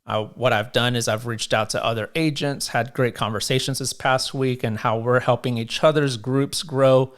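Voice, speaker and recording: A man's voice: medium pitch, steady tone, normal speed, few pauses. Easygoing male podcast host, coaching tone. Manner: casual and encouraging, with frequent ums and uhs. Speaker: podcast host and real estate agent. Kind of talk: solo motivational podcast talk.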